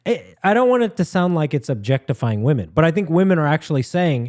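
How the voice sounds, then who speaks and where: A man co-hosting a comedy podcast in casual chat, animated and joking, often acting out quotes. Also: on the high side, fast, hardly any pauses. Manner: animated, acts out quotes in mocking voices. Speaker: podcast co-host.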